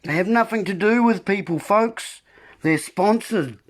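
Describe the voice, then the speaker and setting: A man's voice: high voice, moderate pace. A man hosting a political monologue, ranting and repeating himself as he keeps addressing his listeners as folks. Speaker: video host.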